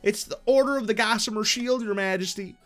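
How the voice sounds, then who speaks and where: Man putting on a pleading noble courtier, theatrical and raised, high voice, faint music behind. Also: brisk, a bit bright. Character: pleading male noble petitioning a king.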